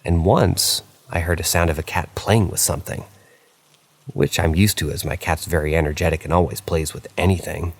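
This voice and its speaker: A man's voice: low-pitched, steady tone, normal speed. A man narrating true paranormal stories aloud in a casual, conversational reading style with occasional asides.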